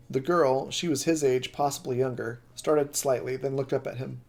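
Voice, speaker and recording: A man reading a novel aloud on a live stream, steady but with occasional slips that he corrects. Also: mid-range voice, normal speed, hardly any pauses.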